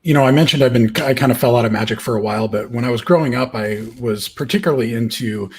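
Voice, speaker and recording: A man, a guest magician, talking in an easygoing, soft-spoken way in casual chat. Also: mid-range voice, quick pace, slightly rough.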